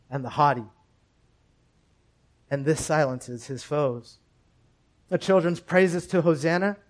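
A man preaching a sermon as pastor, speaking in a measured, rhetorical way with repeated phrases and questions. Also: on the high side, poor audio.

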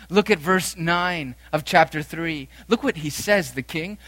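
A man preaching a sermon, swinging between loud emphatic declarations and quiet, low phrases. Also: measured pace, few pauses, no room sound.

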